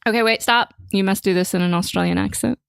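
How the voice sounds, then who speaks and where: Playful woman, gravelly voice. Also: mid-range voice, fast talker, no echo. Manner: playful, teasing. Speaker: podcast co-host. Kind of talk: casual podcast chat.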